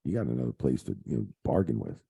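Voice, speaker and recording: Gravelly, very deep-voiced middle-aged man. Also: very animated, fast talker, dark tone. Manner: rambling, profane, lots of fillers. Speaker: guest, retired wrestling referee. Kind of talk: casual interview storytelling.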